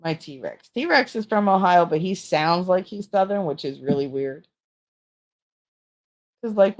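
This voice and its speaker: A woman hosting a casual livestream chat with viewers, talking in a rambling, frank and joking way. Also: medium pitch. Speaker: livestream host.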